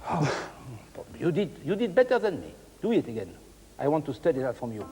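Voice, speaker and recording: A man's voice: a little high, very animated, a little fast, darkish tone, slight background noise. An older man whose first language is French, coaching a masterclass in broken English, singing phrases aloud and mixing in French words. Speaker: cello teacher. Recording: hall with music playing.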